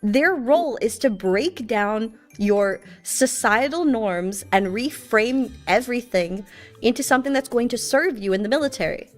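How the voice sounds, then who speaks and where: A woman streamer telling anecdotes in a casual, chatty way. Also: mid-range voice. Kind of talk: casual storytelling chat.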